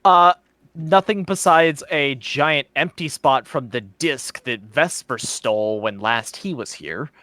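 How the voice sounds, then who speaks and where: A man running a tabletop game as game master, narrating in a relaxed, casual way. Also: fairly high pitch, takes it slowly, no echo. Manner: relaxed, casual, swears offhand.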